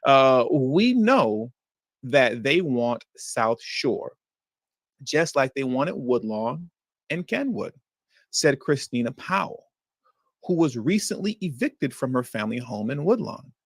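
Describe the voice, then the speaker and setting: A man hosting a livestream, reacting to news clips with animated, indignant commentary that slips into slang. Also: mid-range voice, takes it slowly, dry recording, clean studio sound. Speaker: livestream host.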